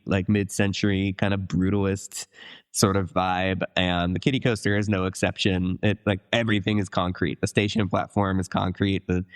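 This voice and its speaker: A man's voice: sits low, clean tone. A man co-hosting a podcast in casual chat, talking in a rambling, enthusiastic way with many asides. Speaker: podcast co-host.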